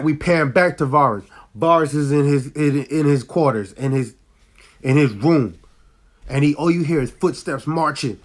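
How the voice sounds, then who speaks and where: Hyped-up man recapping a TV episode. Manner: excitable, slangy, repeats 'bruh', bursts loud and high when hyped. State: sick, occasional cough. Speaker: TV episode reviewer. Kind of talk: casual recap and review.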